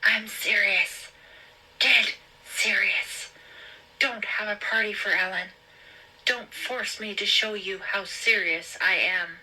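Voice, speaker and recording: A woman voicing an anonymous male phone caller who threatens in a slow, hoarse whisper. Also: medium pitch, steady tone, pushed and bright, heavily acted, low-quality recording. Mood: menacing whisper.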